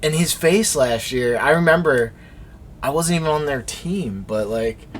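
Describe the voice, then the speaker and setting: A young man co-hosting a casual motorsport recap, slangy and excitable, swearing and telling stories with animated energy. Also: on the high side, measured pace, slight background noise. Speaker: co-host. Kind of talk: casual recap commentary over race footage.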